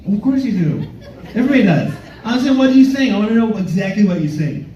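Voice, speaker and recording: A man's voice: sits high, sing-song, fast, mellow, highs cut off. A young man doing a playful, self-mocking stand-up comedy set on a club stage, slipping into goofy voices. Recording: roomy club sound from a distance.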